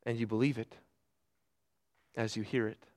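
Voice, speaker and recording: A middle-aged man preaching a sermon, earnest, moving between hushed, drawn-out phrases and emphatic bursts. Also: on the low side, little pitch movement.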